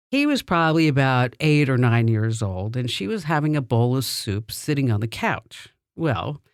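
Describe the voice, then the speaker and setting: A middle-aged woman hosts a podcast, sharing personal stories in a chatty manner and laughing between lines. Her voice is extremely low in pitch, recorded in clean studio sound with no echo.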